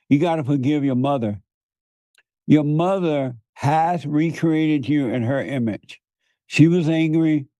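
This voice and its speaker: A man's voice: on the high side, dark tone, no room sound. A man preaching in conversation, emphatic, repeating words for stress and laughing often. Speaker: guest preacher.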